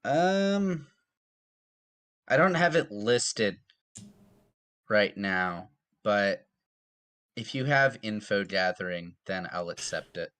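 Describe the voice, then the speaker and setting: A man's voice: on the low side, animated, slow, long pauses, a bit bright, clear, resonant tone. Easygoing man running the game. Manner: easygoing, rules-minded. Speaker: game master.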